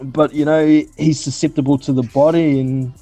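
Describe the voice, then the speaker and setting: A man's voice: on the high side, level tone, normal speed, dark tone, faint music behind. A man chatting casually about fights as a panelist, blunt and swearing freely, with hesitant fillers. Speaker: podcast panelist. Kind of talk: casual boxing chat.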